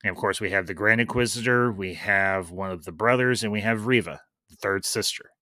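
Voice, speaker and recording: A man's voice: lowish voice, a little fast, pushed and bright, no echo. A man hosting a live-stream review, chatting loosely with fillers and greeting viewers in the chat. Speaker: livestream host reviewing a series.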